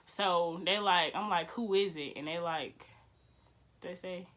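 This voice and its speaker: A young woman, telling a painful family story to camera in a blunt, animated way and swearing freely. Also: on the low side, measured pace. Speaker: vlogger. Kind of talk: emotional storytelling.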